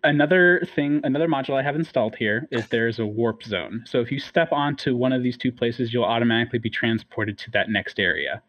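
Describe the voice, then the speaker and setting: A man's voice: mid-range voice, fairly quick, hardly any pauses, fairly bright tone. A man running a tabletop game as game master, explaining the rules in a matter-of-fact way. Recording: dull, dry lo-fi mic.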